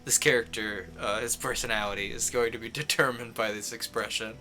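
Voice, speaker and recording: A man's voice: mid-range voice, fairly even intonation, brisk, pushed and bright, faint music behind. A man streaming a game, rambling casually and chuckling at his own jokes. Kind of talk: casual gameplay commentary.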